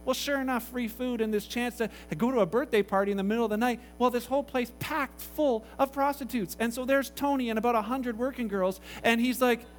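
A pastor telling a story in a sermon, acting out the voices of the people in it. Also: male voice, very high voice, a little hiss or hum, rough recording. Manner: animated, acts out voices in the story.

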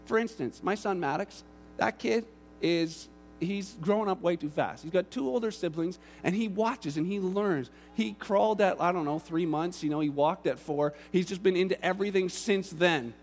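A man in his thirties preaching a sermon, telling family stories in an animated, lively way. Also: high voice, moderate pace, slight background noise. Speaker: pastor. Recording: long reverb of a large hall.

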